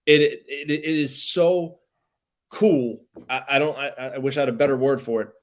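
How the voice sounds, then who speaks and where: A man from Pittsburgh chats casually as a podcast co-host. He talks in an animated, rambling way, often restarting his sentences. His voice sits at an ordinary middle pitch. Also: normal speed. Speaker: podcast co-host, baseball journalist.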